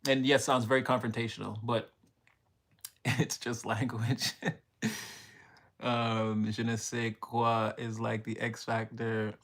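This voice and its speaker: Here the Montreal livestream host speaks slowly and in a level tone, with long pauses, his mid-range voice fairly bright. He still chats casually with his live audience, laughs often, and mixes English with French.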